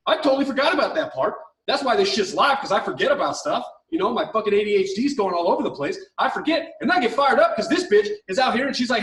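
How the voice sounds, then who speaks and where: A man's voice: high-pitched, big pitch swings, quick pace, a bit bright, roomy sound, recorded from a distance, rough recording. A man co-hosting an advice podcast, ranting heatedly with lots of swearing and mocking impressions of the people he talks about. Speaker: podcast co-host.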